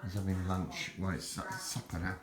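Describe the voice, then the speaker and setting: Deep-voiced older man rambling in an echoey room. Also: flat delivery, normal speed, very noisy. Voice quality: deep, self-described nappy voice. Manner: rambling, stammering repeats. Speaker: collector showing items. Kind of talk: casual rambling vlog.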